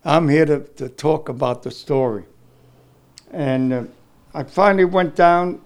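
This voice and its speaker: Gravelly older New man. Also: a little high. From New York City. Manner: halting, repeats words, emotional. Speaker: war veteran recounting his experience. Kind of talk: oral history testimony.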